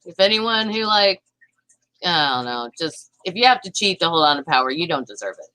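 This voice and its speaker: Southern woman, live-stream host, heated fast chatter, bright voice, dry close sound. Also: on the low side, animated, dry recording, poor audio. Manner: fast, heated, talks to chat viewers. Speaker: livestream host reading chat. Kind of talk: casual political livestream chat.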